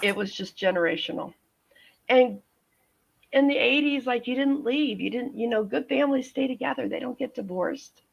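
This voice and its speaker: A woman in her fifties, a nurse telling her own story as a guest in an interview, halting with frequent restarts and fillers. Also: a little high, gravelly, husky. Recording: dull lo-fi audio.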